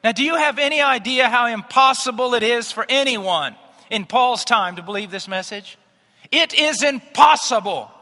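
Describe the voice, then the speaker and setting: A man's voice: very high voice, moderate pace, bright, forceful tone. A man preaching a sermon, emphatic and declarative. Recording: long hall reverb.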